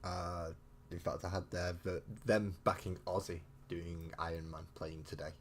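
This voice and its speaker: A deep-voiced man chats loosely on a live stream while painting miniatures. He rambles, tosses in mild swearing and pokes fun at himself. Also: level tone, moderate pace, slight background noise. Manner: rambling and chatty, mild swearing, self-mocking asides.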